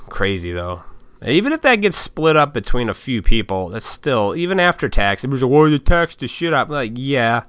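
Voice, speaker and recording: This man has a fairly low, slightly bright voice with a clean tone, recorded dry. Hosting a podcast solo, he rambles through a casual monologue, swearing heavily and laughing often.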